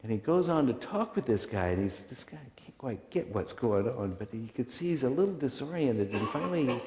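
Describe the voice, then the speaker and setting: A man's voice: mid-range voice, very animated, brisk, dark tone. A man, a minister, giving a reflective and earnest sermon told as a story, with small restarts. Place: church sanctuary. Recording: echoey church hall.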